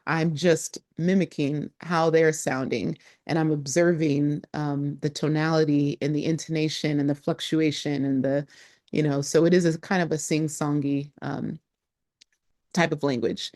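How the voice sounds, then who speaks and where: Low-voiced woman teaching travel phrases. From Nigeria. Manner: lively, laughs often, spells words out slowly. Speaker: travel vlogger.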